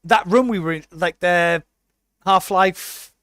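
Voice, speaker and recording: A British man co-hosting a casual podcast, telling a lively anecdote and briefly putting on the voices of the people in it. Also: high-pitched, no echo, studio quality. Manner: animated storyteller, puts on quick voices for people he quotes. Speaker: podcast co-host.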